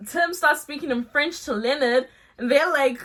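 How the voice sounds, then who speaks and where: A young adult woman vlogger casually telling a storytime tale, chatty and animated, with slangy asides. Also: sits high, moderate pace.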